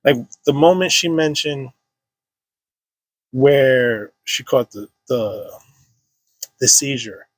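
Man, 30s, podcast guest, emotional storytelling, husky tone, dry close sound. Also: medium pitch, slow pace, long pauses, no echo. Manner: casual, heavy slang, many restarts and fillers.

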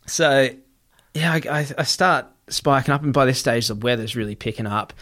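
Swearing often, this guest rattles off a wild tale in casual conversation, his sentences quickly bleeding into one another. He has a mid-range voice that's a bit bright.

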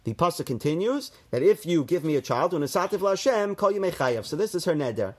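Man, slightly higher voice, Torah teacher, reads verses and explains, casual fillers. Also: big pitch swings, fast, darkish tone. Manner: reads Hebrew verses then translates and explains; conversational, with fillers and restarts. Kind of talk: text study class.

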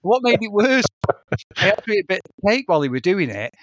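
A man's voice: high voice, very animated, a little fast, fairly bright tone, dry recording, dull audio. A man, telling a rambling story in casual podcast chat, swearing often. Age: 40s. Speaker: podcast co-host.

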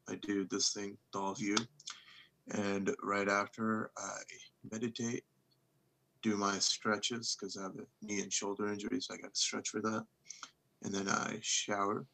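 An easygoing young man co-hosts a casual podcast, with a bright, sharp tone. His pitch stays fairly flat and a little low as he talks. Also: gravelly. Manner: relaxed, easygoing storytelling. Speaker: podcast co-host. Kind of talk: casual live podcast chat.

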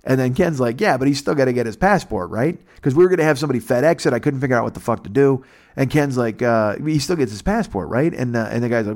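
An American man telling a long comic story in casual chat, animated and profane, putting on voices for the people in it. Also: mid-range voice, quick pace. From United States.

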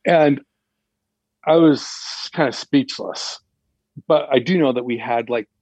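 A man telling a personal story in a casual, animated way, acting out the dialogue with raised voices. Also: medium pitch, slow, no echo, low-quality recording. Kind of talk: casual anecdote.

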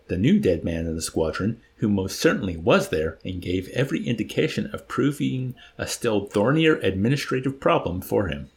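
A man reading a novel aloud expressively, pausing now and then to comment. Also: sits low, vocal fry. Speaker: reader.

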